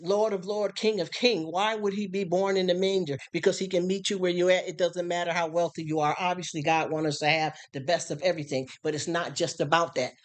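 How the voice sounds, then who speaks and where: A live-stream preacher in a loose, conversational street-style sermon, who keeps asking whether the listeners understand. The voice sits at a middling pitch. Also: steady tone, fairly quick, hardly any pauses. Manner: conversational, repeatedly checks in with listeners.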